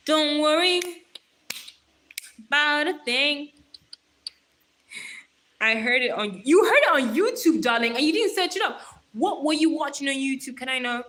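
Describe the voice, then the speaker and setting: A woman livestreamer chatting casually, animated and laughing often as she teases and advises her viewers. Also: sits high. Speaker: livestreamer reading chat.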